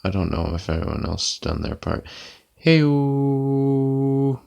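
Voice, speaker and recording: A worn-out man talks on his live stream in a flat, deadpan monotone. His voice sits very low and rough with gravel, and he sounds lazy and sleepy. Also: quick pace, lo-fi sound. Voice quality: monotone delivery. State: tired and yawning. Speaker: livestreamer. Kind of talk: casual live-stream chat. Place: at home, lying back comfortably.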